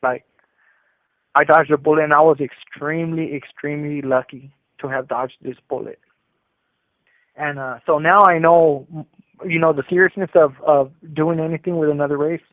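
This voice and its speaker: A man's voice: a little high, fairly even intonation, normal speed, no echo. A man telling his prison story in casual street slang over the phone, rambling with fillers. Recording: tinny prison phone line.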